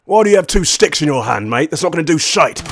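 A gravelly British commando captain. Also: male voice, fairly high pitch, big pitch swings, fast, music in the background. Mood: dry banter. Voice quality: gravelly, barking military commands. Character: gruff British commando captain, battle-hardened. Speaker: voice troller in online game chat. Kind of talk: in-game voice chat impression.

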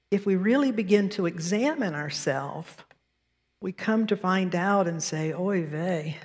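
Southern lady pastor preaching, lowish voice, long church reverb. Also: darkish tone. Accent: Southern American. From American South. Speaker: minister. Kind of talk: sermon. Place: church sanctuary.

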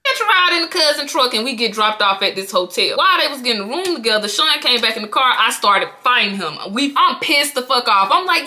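A woman's voice: a little high, lively intonation, brisk, hardly any pauses, pushed and bright. A young woman vlogger telling a personal story in a candid, profane and dramatic style, with spoken sound effects. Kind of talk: storytime vlog.

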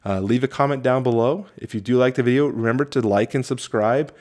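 A man reviewing a tabletop game, reading rule text aloud slowly and thinking out loud with many fillers and restarts. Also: medium pitch. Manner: halting, many fillers, reads rules slowly.

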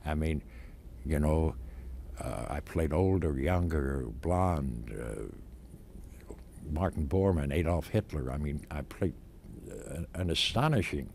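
An older man, an actor, reminiscing in an interview in a halting way, with many fillers and restarts. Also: rumbling low, gravelly, a little hiss or hum. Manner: halting, many fillers and restarts, animated when stressing points.

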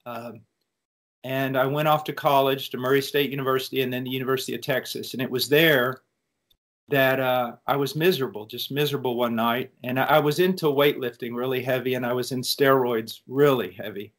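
An American man speaks as a preacher at a student Q&A, recounting his testimony with an earnest, reflective manner. His voice sits at an ordinary pitch for a man, and he tells the story in a measured, sincere way. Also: fairly even intonation. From United States. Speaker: preacher answering student questions. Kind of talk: personal testimony in a Q&A.

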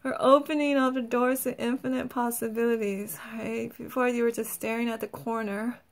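A woman energy healer who talks gently and soothingly in a guided healing session, laughing often and saying "like" a lot. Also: fairly high pitch, little pitch movement, moderate pace.

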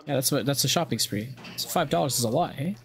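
A man's voice: mid-range voice, fast, fairly bright tone. A young man speedrunning a game and narrating it casually, cracking crude jokes, swearing freely and laughing often. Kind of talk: casual gameplay commentary.

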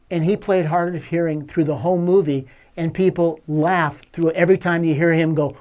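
An older male film director telling a behind-the-scenes story in a relaxed, conversational way. His voice is mellow and warm, and he slips into the dialogue as he quotes it. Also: a little high, normal speed, few pauses. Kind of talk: anecdote told to camera.

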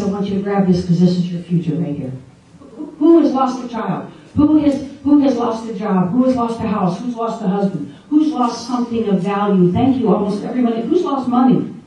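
A woman's voice: medium pitch, animated, normal speed, dark tone. Woman preacher in a very echoey hall. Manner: emphatic, asks the audience questions. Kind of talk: sermon to a women's gathering. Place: large echoey meeting room. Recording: very echoey room, distant mic.

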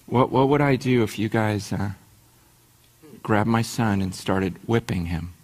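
A middle-aged man preaching a sermon as a pastor, swinging from hushed to urgent and asking the congregation rhetorical questions. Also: lowish voice, a little slow.

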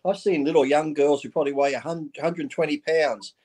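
A man's voice: on the high side, fairly even intonation, fairly quick, darkish tone. A man, a guest on a live stream, chatting bluntly and profanely as he tells stories and acts out quotes. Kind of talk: casual chat on a live stream.

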